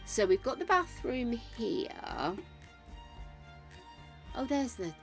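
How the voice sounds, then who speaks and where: A woman's voice: fairly high pitch, big pitch swings, slow, soft background music. An older woman streaming a game, chatting casually and calling her viewers darlings and gorgeous ones. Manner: chatty, showers viewers with endearments. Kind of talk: casual live-stream chat.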